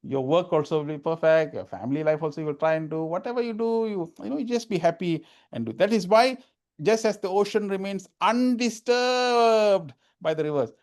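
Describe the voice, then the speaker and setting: Guy giving a spiritual talk, kinda high voice, says things twice for emphasis. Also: a little fast. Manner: animated, repeats phrases for emphasis. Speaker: spiritual speaker.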